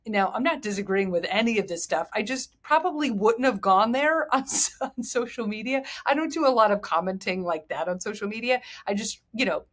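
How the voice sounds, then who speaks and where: A woman's voice: medium pitch, animated, fairly quick, few pauses. A woman hosting a podcast in a chatty, candid, rambling way. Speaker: podcast host. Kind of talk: casual chat.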